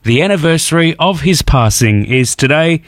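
A man's voice: a little high, expressive, moderate pace, dry recording, clean studio sound. A man hosting a radio show, chatty and upbeat as he talks between songs and reads out the day's anniversaries. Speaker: radio host. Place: radio studio.

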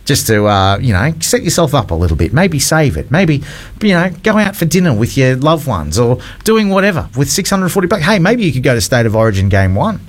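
A man's voice: mid-range voice, very animated, brisk. An Australian man hosting breakfast radio, taking phone calls and talking sport in a chummy, upbeat way, calling people mate. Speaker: radio host.

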